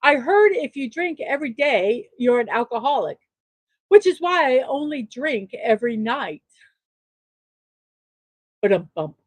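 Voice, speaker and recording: High-voiced woman chatting on a livestream. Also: big pitch swings, measured pace, pauses often, no echo. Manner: chuckles at her own jokes, chatty and upbeat. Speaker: livestream show host. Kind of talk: casual livestream chat reading memes.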